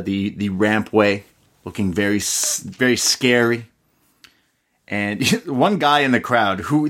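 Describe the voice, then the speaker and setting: Casual male podcast host, animated delivery, mid-pitched, acts out quotes in a loose recap. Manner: animated, swears, mimics wrestlers' promos.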